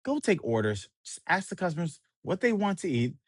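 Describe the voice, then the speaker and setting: A man voicing a gruff, bossy male cook giving orders. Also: sits high, very animated, a little fast, dry recording, studio quality, voice pushed up.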